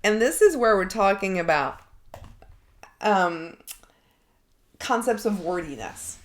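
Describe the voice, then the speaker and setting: Slow, reflective woman coach in a roomy echo. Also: medium pitch, animated. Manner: reflective, thinking aloud with sighs and laughs. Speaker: life coach. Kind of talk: unscripted self-coaching monologue.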